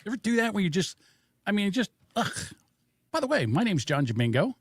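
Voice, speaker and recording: Man, podcast host, casual chat, raspy, lively pitch, dry sound. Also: a little fast, no echo.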